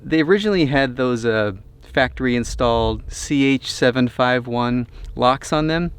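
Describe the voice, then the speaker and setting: A man hosting an RV do-it-yourself vlog, telling a story in a chatty, relaxed way. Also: medium pitch, moderate pace, clean tone. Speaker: RV DIY channel host.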